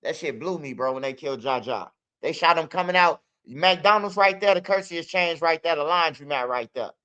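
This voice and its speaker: A man's voice: fairly high pitch, animated, normal speed, bright, forceful tone, smooth, dull audio. A young man telling street stories in a loose, casual monologue, tossing in "bro" a lot. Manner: streetwise, loose, peppers talk with "bro" and "you hear me". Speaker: channel host.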